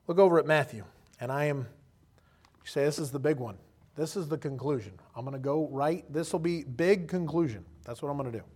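High-voiced impassioned preacher man. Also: fairly quick, slightly rough. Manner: impassioned preaching, swings from quiet to loud; acts out voices of others. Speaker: pastor. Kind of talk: sermon.

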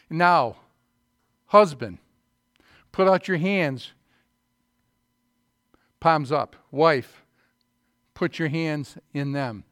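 A middle-aged man preaching a sermon as pastor, swinging from loud emphatic bursts to quieter asides and light teasing. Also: fairly high pitch, drawn-out words, pauses often, dry recording, studio quality.

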